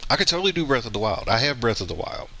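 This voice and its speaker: A man's voice: mid-range voice, big pitch swings, rapid-fire, sharp tone. A man giving casual gameplay commentary, thinking aloud and rambling with fillers and restarts as he plays. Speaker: gaming streamer.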